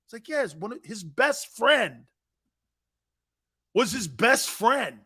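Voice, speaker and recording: A high-pitched, bright-toned man hosts a sports talk show and spins animated stories between viewer comments. He laughs hard at his own jokes and talks in a loose, casual way. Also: slow, breathy edge. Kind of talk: casual live-stream chat reading viewer comments.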